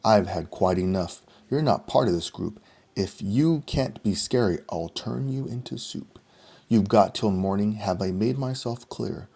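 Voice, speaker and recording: A grumpy, bossy witch barks orders in a raised, snappish voice, a man putting her on. The tone is low and gravelly under the shouting, with a dark husky edge. It plays as a storybook read-aloud. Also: measured pace. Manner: snappish, commanding.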